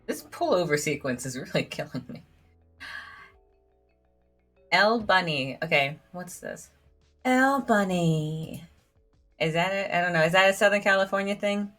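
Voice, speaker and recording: A woman's voice: lowish voice, brisk, few pauses, a bit bright, faint music behind. A woman streaming a story game, reading its dialogue aloud in a chatty, giggly way, filling her talk with "like". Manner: giggly, chatty, fills speech with "like".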